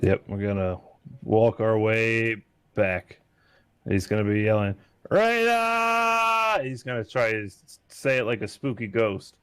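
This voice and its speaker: A man's voice: on the low side, fairly even intonation, unhurried, clean tone, no room sound, soft background music. A man playing a tabletop game, laid-back and joking as he describes his moves. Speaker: player. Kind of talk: casual tabletop play.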